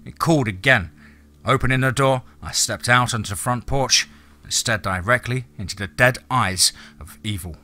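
A man narrating a scripted horror story in a measured, dramatic way. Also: medium pitch, sharp tone.

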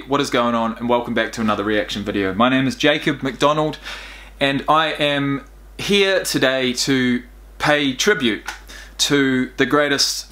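Young male reaction host, mid-pitched, casual and choked up, chats directly to viewers. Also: sharp tone. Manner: emotional, rambling, talks straight to viewers.

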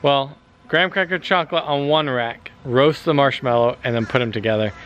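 A man's voice: mid-range voice, brisk, a bit bright, smooth, highs cut off. A man with an American accent chatting casually to the camera in a family vlog while cooking outdoors at a backyard grill. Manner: easygoing, talks straight to camera. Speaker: family vlogger.

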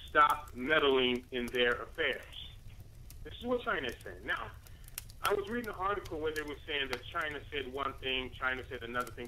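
A man's voice: medium pitch, pushed and bright, slight background noise, low-quality recording. A man giving a rambling spoken commentary to listeners he calls family, full of rhetorical questions and "right?" tags. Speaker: radio commentator.

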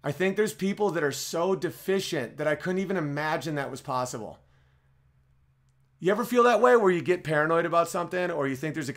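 A man hosting a podcast livestream in a casual comedic monologue, rambling with stammered restarts and side jokes. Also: on the high side. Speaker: podcast host.

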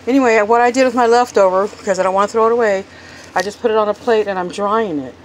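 This cooking vlogger talks quickly in a medium-pitched voice while demonstrating kitchen projects, holding her phone in one hand and sounding slightly breathless. It's a casual, chatty home video, recorded roughly with a faint hiss or hum.

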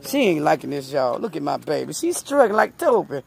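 A woman, vlogging at home on her phone in loud, profane, laughing banter. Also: deep voice, very animated, a little fast, vocal fry. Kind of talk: casual home vlog. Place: home, indoors then outdoors at night.

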